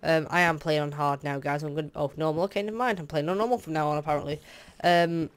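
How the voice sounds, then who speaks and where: Speaking quickly in a fairly high, smooth voice, a young man commentates on a game as a Let's Play host. He's tired and yawns, and his commentary wanders and hesitates, packed with "um"s and frank asides.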